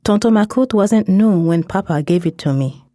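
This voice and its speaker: Woman, scripted fiction narration, measured intensity, warm dark tone, dry close recording. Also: medium pitch, expressive, no echo. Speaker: story narrator.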